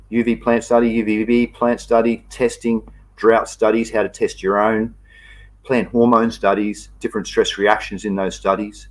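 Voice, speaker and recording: A man with an Australian accent hosting a casual livestream, reading out viewer comments and greeting each viewer by name in a laid-back, colloquial way. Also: fairly low pitch. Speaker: livestream host.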